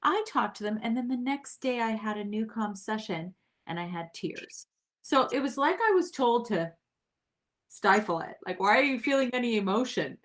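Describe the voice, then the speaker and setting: A woman hosting a podcast, talking in a personal, chatty way and laughing easily. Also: fairly high pitch. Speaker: podcast host. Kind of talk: casual interview chat.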